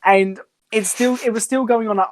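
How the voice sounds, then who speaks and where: A young man, casually telling a funny story as a co-host of a group stream, animated and blunt. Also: high-pitched, moderate pace.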